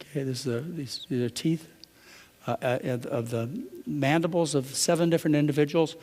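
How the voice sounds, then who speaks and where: A man's voice: on the high side, fairly even intonation, normal speed, a little mellow, big-room sound, a little hiss or hum. A man giving a conversational lecture to a live audience, often asking them rhetorical questions.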